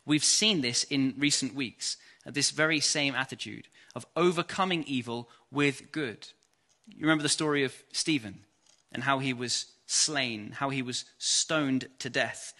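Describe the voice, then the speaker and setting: An English preacher with a bright, forward voice delivers an evening sermon in an earnest, measured way. He reads scripture passages aloud and speaks at a middling pitch.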